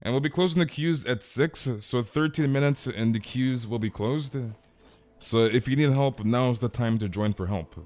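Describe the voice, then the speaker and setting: A young man streaming a game live, chatting casually with viewers and telling animated, exaggerated stories. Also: medium pitch, normal speed. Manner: casual, animated, reads chat aloud, exaggerates. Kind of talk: live stream chat while playing.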